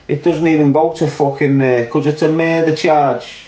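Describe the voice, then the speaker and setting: A man's voice: on the high side, steady tone, normal speed, hardly any pauses, warm tone. A man with a Liverpool accent ranting on a podcast, blunt and sweary, repeating his points for emphasis. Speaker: podcast commentator. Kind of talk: opinionated podcast rant. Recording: echoey room.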